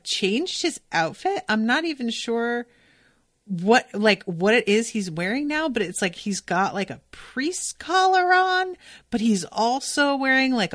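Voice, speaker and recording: A woman's voice: a little high, a bit bright, no echo, clean studio sound. A woman hosting a podcast, casually recapping an episode with lots of filler words and amused asides. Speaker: podcast host recapping a cartoon.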